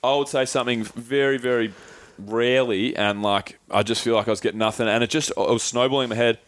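An Australian man talks fast and loose, piling up fillers and swear words as he recounts his story. His voice sits close and dry, with no room sound around it. It has the feel of a frank podcast chat. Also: mid-range voice, steady tone, no echo. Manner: rambling, swears freely. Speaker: podcast co-host.

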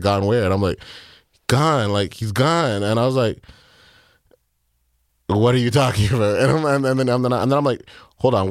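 A man in his thirties with a very low voice, recorded close and dry with no room sound. As an interview guest he tells a personal story in halting, filler-heavy speech and acts out the lines of other people. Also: dry recording. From Canada. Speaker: music producer, guest.

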